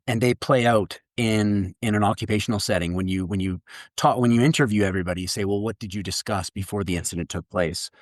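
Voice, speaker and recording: A man from Canada, a keynote speaker, telling a story in an animated way and laughing as he goes. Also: medium pitch, dry recording, studio quality. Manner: lively, laughs through his story.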